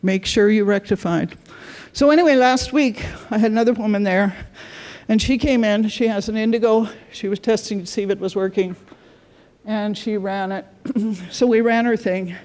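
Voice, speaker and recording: A woman's voice: medium pitch, normal speed, a little mellow. Earnest woman telling client stories. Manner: earnest storytelling in short phrases. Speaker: conference speaker.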